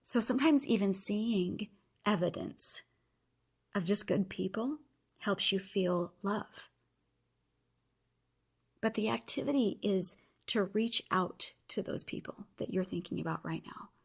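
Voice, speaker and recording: A woman's voice: medium pitch, measured pace, vocal fry, pauses often, slightly rough. A woman in her thirties hosting a podcast, talking earnestly and encouraging her listeners directly as she gives them a challenge. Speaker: podcast host. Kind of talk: motivational podcast talk.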